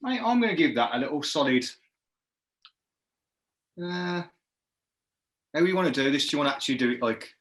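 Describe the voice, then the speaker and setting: A man's voice: fairly high pitch, expressive, moderate pace, long pauses, fairly bright tone. A man joining a casual beer review as a guest, laddish and forever calling his friend mate. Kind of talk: casual chat.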